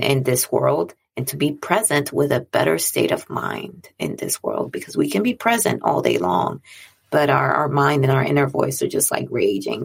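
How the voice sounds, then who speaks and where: Speaking on mental health and boundaries, a woman delivers an earnest, reflective monologue in a casual way, repeating phrases for emphasis. Her voice is extremely low, gravelly, and edged with breath.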